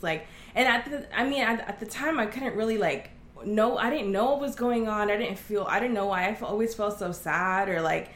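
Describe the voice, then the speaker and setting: A woman's voice: medium pitch, a little hiss or hum. A woman from Oklahoma giving a candid, earnest personal testimony as an interview guest, acting out the voices of people in her story. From Oklahoma, USA. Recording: echoey room.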